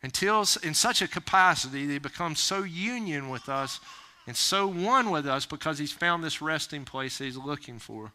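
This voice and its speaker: Animated preacher, bright ringing voice. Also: male voice, a little high, normal speed. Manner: animated, rising to near-shouts when urging haste; folksy, plain-spoken asides. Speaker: pastor. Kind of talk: sermon.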